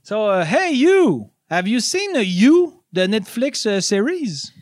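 A man's voice: high-pitched, big pitch swings, unhurried, no echo, clean studio sound. A man co-hosting a casual comedy podcast, giggly and hesitant, full of fillers. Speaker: podcast co-host.

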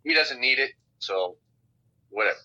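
A man's voice: medium pitch, moderate pace. A man, a professional fighter, talking bluntly and profanely in a casual phone interview. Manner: blunt, profane, animated storytelling. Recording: dull lo-fi phone call audio.

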